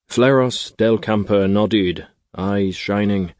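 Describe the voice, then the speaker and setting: Male audiobook narrator, low pitch, dry studio sound, measured storyteller. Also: steady tone, darkish tone, no echo. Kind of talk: scripted narration.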